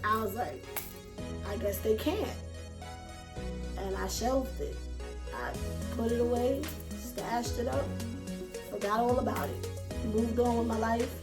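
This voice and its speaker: A woman, telling her story to camera in an animated way and acting out her old thoughts with swearing. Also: a little high, unhurried. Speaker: vlogger and self-published author. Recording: echoey room with music playing behind.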